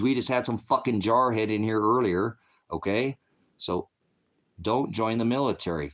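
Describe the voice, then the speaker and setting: A middle-aged man with a lowish voice holds forth in an angry livestream rant. He swears constantly and bursts into heated outbursts as he addresses his viewers. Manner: angry, profane, shouting outbursts. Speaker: livestream host. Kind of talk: ranting livestream monologue.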